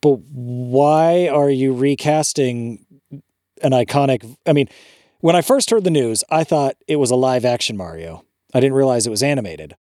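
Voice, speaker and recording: A man's voice: medium pitch, normal speed, warm tone, no echo, studio quality. A man co-hosting a podcast in casual chat, ranting with disbelief and swearing freely. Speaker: podcast co-host.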